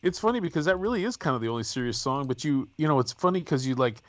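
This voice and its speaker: A man hosting a radio interview, talking in quick, rambling runs with lots of fillers. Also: a little high, very animated, a bit bright, dull audio. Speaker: radio host.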